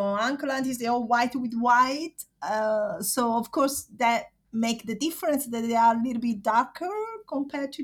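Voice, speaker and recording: Emotional woman, halting and near tears. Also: on the high side. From Italy. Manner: halting, laughs through emotion, repeats herself. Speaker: interviewee. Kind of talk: emotional personal interview.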